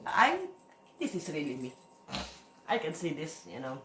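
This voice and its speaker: A woman's voice: deep voice, big pitch swings, measured pace, a bit bright, echoey room, a little hiss or hum. A woman with a Filipino accent talking to camera in a rambling, emphatic vlog monologue, repeating herself and breaking into laughs. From Philippines. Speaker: vlogger.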